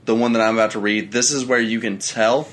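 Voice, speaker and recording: A man's voice: fairly low pitch, fairly even intonation, brisk, fairly bright tone. A man co-hosting a podcast, casually laying out his points with some swearing. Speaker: podcast co-host.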